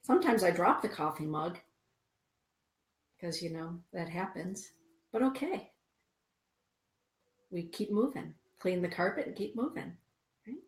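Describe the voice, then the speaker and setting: A woman's voice: lowish voice, animated, a little slow, pauses often, reverberant. A woman hosting a spiritual radio show, chatting with listeners and reading oracle cards aloud to them. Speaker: radio show host and card reader.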